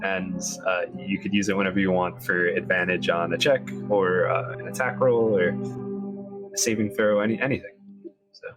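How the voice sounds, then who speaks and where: Low-voiced male game master. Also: moderate pace, over music. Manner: relaxed, encouraging, explanatory with fillers. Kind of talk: narrating a tabletop game.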